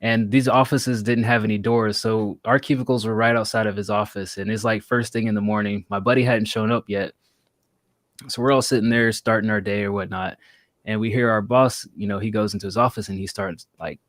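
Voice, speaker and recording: A man in his thirties co-hosting a podcast, telling workplace stories in a casual, animated way and acting out the people he quotes. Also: lowish voice, brisk, dry recording, clean studio sound. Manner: animated, acts out quotes, laughs a lot. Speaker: podcast co-host. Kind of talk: casual storytelling chat.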